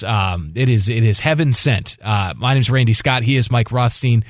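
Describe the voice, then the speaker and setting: A man's voice: medium pitch, a little fast, hardly any pauses, no room sound, clean studio sound. A man hosting a sports radio show, talking passionately and rambling with restarts. He grew up in the Washington D.C. area. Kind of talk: casual sports talk.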